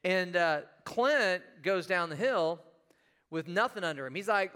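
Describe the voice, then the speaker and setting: A middle-aged man delivers an animated church sermon, full of stories and questions for the congregation. His voice sits a little high, bright and ringing, and it swoops up and down a great deal. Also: normal speed, smooth. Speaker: pastor. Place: church sanctuary.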